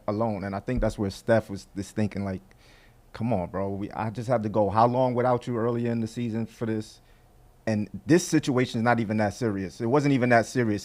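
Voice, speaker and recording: A man co-hosting a casual sports talk show, giving measured, thoughtful opinions. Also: medium pitch. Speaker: sports podcast co-host.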